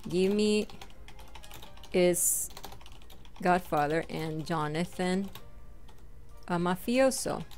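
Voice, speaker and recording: A woman hosting a gaming channel, chatting casually and thinking out loud while she plays, laughing often. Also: lowish voice, extremely slow, pauses often. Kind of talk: casual let's-play chat.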